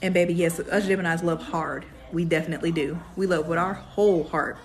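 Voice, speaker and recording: A young woman, hosting a casual astrology live stream in a sassy, animated way. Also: on the low side, fairly quick. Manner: sassy, animated, calls viewers "baby".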